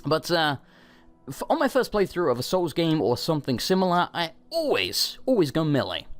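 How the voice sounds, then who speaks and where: A man's voice: fairly high pitch, wildly swooping pitch, normal speed, faint music behind. A young man hosting a viewer Q&A, reading out questions and rambling through loose, profane, self-mocking answers. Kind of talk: casual Q&A with gameplay in background.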